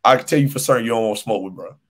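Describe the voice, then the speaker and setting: A man's voice: mid-range voice, racing. Young male podcast co-host, mid-range voice, emphatic rambling rants. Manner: animated, emphatic ranting with repeated phrases. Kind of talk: casual sports chat.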